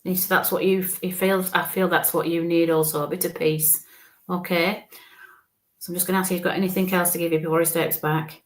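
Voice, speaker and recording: Lady doing a psychic reading, gentle and reassuring, keeps saying okay?. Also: fairly low pitch, flat delivery, fairly quick. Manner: gentle, reassuring, often ends phrases with "okay?". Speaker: psychic medium.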